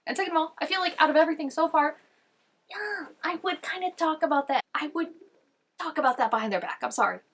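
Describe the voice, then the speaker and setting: A woman's voice: high-pitched, quick pace, a bit bright. Chatty young woman reacting to TV. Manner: chatty, musing, heavy on "like" and "I don't know". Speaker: TV reaction host. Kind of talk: casual reaction commentary.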